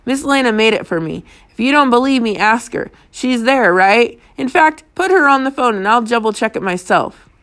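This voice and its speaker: A woman reading an audiobook, voicing a hot-tempered young girl who snaps and shouts defiantly. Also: on the high side, expressive, normal speed, few pauses, pitched above the performer's own voice. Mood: defiant, shouting. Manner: loud, snapping and defiant.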